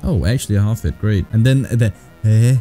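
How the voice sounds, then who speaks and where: A young man giving casual, excitable gameplay commentary, swearing often and ranting in frustration. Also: fairly low pitch, fairly quick, faint music behind. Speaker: gaming streamer.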